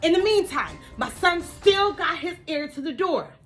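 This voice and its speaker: A middle-aged woman hosting a vlog, telling a family story in an animated, dramatic way and acting out what the others said. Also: very high-pitched, measured pace. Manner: animated, dramatic retelling that acts out the others' lines.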